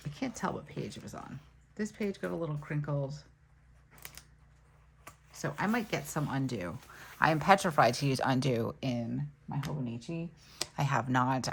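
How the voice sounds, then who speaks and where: A woman vlogger with a low, gravelly voice talks casually through a crafting tutorial at her desk. She narrates every step and shrugs off her little mistakes. A faint background noise sits under her voice. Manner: chatty, narrates each step, laughs off mistakes. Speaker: planner vlogger.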